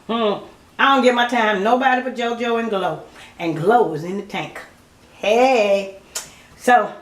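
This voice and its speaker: A woman's voice: on the high side, takes it slowly, echoey room. A woman in her fifties chatting casually to her viewers, laughing often and calling them y'all. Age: 50s. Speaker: vlogger. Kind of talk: casual chat to camera.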